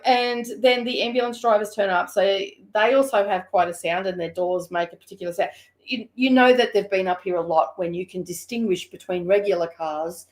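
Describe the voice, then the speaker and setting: Chatty Australian woman telling a story. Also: medium pitch. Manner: animated, laughing, chatty. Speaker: host. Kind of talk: casual storytelling.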